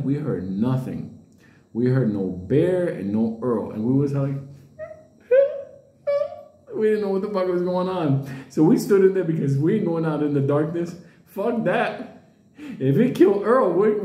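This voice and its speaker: Male comic storyteller, slightly high, lively and profane, roomy echo. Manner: profane, acts out voices with big pitch jumps. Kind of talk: animated comedic storytelling.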